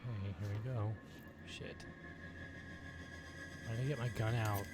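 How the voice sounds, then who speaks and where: This casual gameplay commentary comes from a man whose voice sits fairly low and stays steady at an unhurried pace. Streaming a video game, he reads in-game documents out loud, curses at what happens, and now and then lowers to a whisper over noisy game ambience.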